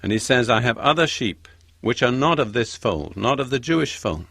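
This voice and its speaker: A man preaching a sermon, reading scripture slowly and with emphasis. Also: mid-range voice, animated, gravelly, fairly bright tone, no echo, clean studio sound.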